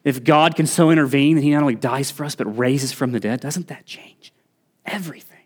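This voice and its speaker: Preaching quickly at medium pitch with fairly even intonation, a man serves as pastor in a church sanctuary. His sermon is earnest and pressing; he raises his voice on key points and now and then restarts.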